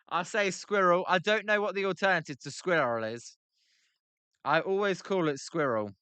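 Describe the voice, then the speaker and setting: A man's voice: high-pitched, a little slow, bright, forceful tone, clear, resonant tone, no echo. A young British man hosting a live stream, giving casual commentary on a baseball game while chatting with his viewers and joking about pronunciations. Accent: British English. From Britain. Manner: chatty, banters with chat, plays with pronunciations. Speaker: livestream host reacting to a baseball game.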